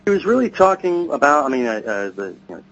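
A podcast co-host rattles off long, wandering stories in casual chat, his fairly high, sing-song voice moving fast with a fairly bright tone. The recording is dull and lo-fi, with a faint hum underneath.

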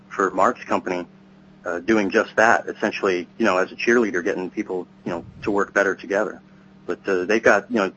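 A man's voice: lowish voice, a bit bright. A man co-hosting a podcast, chatting casually and telling long rambling stories. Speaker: podcast co-host. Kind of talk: casual chat. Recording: dull lo-fi sound with faint hum.

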